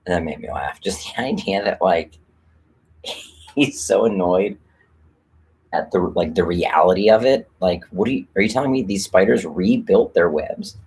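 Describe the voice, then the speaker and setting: A man's voice: sits low, moderate pace, a little mellow, husky. A man hosting a live stream and talking casually about rewriting a script, rambling and candid, with lots of fillers and casual swearing. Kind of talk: casual livestream chat.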